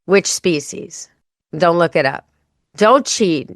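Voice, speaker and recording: Chatty low-voiced woman radio host. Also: animated, slow, dry recording, clean studio sound. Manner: chatty, playful, imitates animal sounds. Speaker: podcast host. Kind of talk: casual radio chat.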